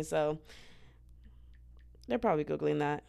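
A young woman from the States, hosting a podcast as a sassy, chatty comedic monologue with sudden loud outbursts. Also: low voice, brisk, gravelly, long pauses, clear, resonant tone. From Southern United States. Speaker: podcast host.

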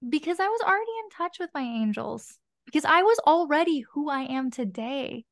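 A woman's voice: high voice, fairly quick. A woman guest on a podcast talking casually and expressively, swearing now and then. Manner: expressive, swears casually, acts out inner voices. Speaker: podcast guest, spiritual mentor. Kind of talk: casual conversational interview.

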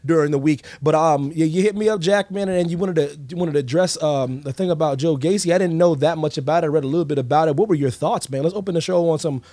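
A man co-hosting a casual podcast chat, slangy and animated, calling everyone "man.". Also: a little high, fast talker, hardly any pauses, no echo. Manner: slangy, animated, laughs often. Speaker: podcast co-host.

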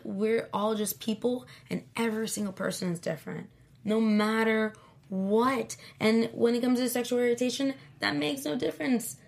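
A chatty woman in her thirties, talking as an interview guest. She tells her story with lots of fillers, and her voice jumps up high and loud whenever she acts out what someone said. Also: moderate pace, vocal fry. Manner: chatty storyteller, acts out quoted lines in high animated bursts. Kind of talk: casual interview chat.

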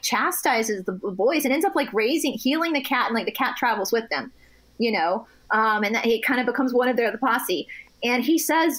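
Animated woman with a high voice. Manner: animated, laughs often, restarts sentences. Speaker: guest. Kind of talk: casual chat.

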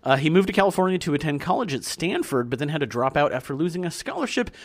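A man's voice: on the high side, big pitch swings, fast talker. A man co-hosting a casual podcast about a film, reading background notes and joking with his co-host. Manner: reads background notes, joking and laughing often.

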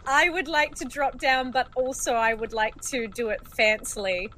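Bright-voiced woman playing a tabletop game. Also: high-pitched, steady tone, normal speed, slight background noise. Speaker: player. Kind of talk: casual tabletop role-play.

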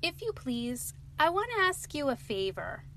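A cautious, eager young male mole from a storybook, as a woman reads him aloud. He sounds soft and polite, with his pitch lifted a little. A faint hiss of noise sits behind the voice. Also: very animated, unhurried, full character voice. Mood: timid.

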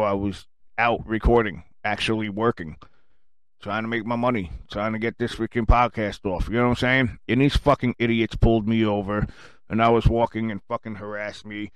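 A man hosting his own radio show, delivering an angry, sarcastic rant full of cursing, swinging between low muttering and loud outbursts. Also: clear, resonant tone, dry recording. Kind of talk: profane rant.

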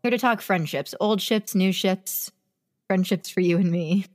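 Fast-talking young woman podcast co-host. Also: medium pitch, darkish tone. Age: 20s. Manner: fast-talking, laughs often, reflective. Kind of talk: casual chat.

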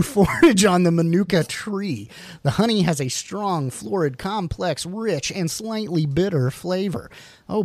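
A man's voice: mid-range voice, darkish tone, no echo. Man joking while reading facts, dry sound. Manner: jokey asides while reading, stumbles on words. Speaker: podcast co-host. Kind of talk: casual chat, reading facts aloud.

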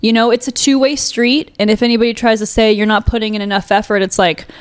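A woman's voice: on the high side, flat delivery, quick pace. A young adult woman co-hosting a podcast, chatting casually and telling stories with lots of fillers. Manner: chatty, storytelling with many fillers. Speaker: podcast co-host. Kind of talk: casual chat.

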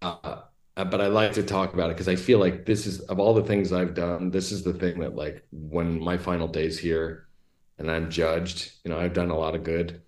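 A man talking as a podcast guest, telling blunt, animated stories with lots of fillers. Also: deep voice, moderate pace, roomy sound. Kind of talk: casual storytelling chat.

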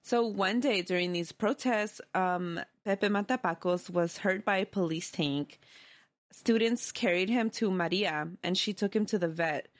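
A woman's voice: medium pitch, measured pace, no echo. A woman co-hosting a chat podcast, telling a story in a casual, chatty way with frequent ums and likes.

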